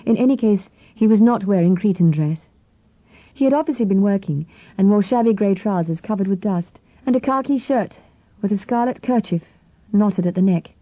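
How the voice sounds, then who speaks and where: A woman narrating a novel in the first person, reading in an even, measured way. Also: mid-range voice, dry recording. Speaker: audiobook narrator. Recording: slightly dull, dry lo-fi recording.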